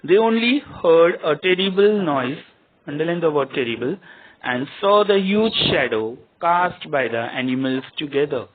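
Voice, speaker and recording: A male teacher with a fairly high, expressive voice reads a story aloud to his class at a normal speed. He dictates words to underline and repeats their meanings, and the recording sounds tinny, like a phone.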